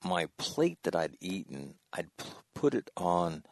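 Deep, gravelly man in his sixties. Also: very animated, a little slow, no echo. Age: 60s. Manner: rambling, self-correcting storyteller who laughs at himself. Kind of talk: casual anecdote telling.

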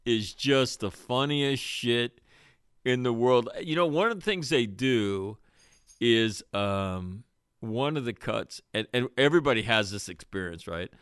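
A man hosting a casual podcast chat, telling animated stories with plenty of swearing. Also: mid-range voice, clear, resonant tone, no room sound, studio quality. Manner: animated storytelling, swearing, quick laughs. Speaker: podcast host.

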